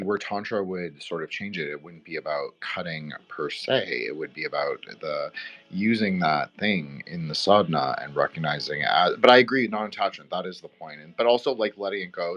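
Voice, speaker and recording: A man's voice: low-pitched, a bit bright, lo-fi sound. A man co-hosting a roundtable podcast, talking in a loose, rambling way full of fillers. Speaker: podcast co-host. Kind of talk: casual roundtable discussion.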